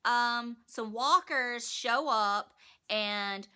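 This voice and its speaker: A woman giving a casual, animated, profane recap of a TV episode. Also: on the high side, drawn-out words, clear, resonant tone. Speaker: TV recap vlogger.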